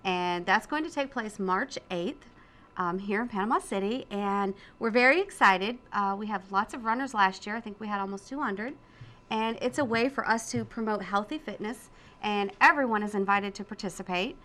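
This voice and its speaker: A woman's voice: medium pitch, normal speed, fairly bright tone. A woman appearing as a guest on a morning TV show, speaking upbeat and agreeably about her organization. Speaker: fundraising director, guest. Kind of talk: TV interview guest.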